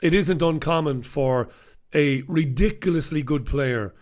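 A man's voice: fairly high pitch, measured pace, a little mellow. An Irish man hosting a casual live stream from a small studio, rambling and mocking himself as he chats to viewers. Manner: rambling, self-mocking, chatty. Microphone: desk microphone.

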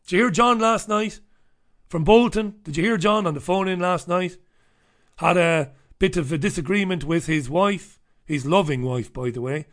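An Irish man with a fairly high voice holds forth on talk radio. He rants in blunt, profane bursts, mocking the people he disagrees with in an opinionated monologue. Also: moderate pace, a bit bright. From Ireland. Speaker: radio talk show host.

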